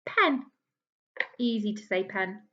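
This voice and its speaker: A woman teaching a phonics lesson to young children, drawing out each word slowly and encouraging them in a sing-song way. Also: mid-range voice, expressive, bright, forceful tone, highs cut off. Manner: slow, drawn-out enunciation of each word. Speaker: early years teacher.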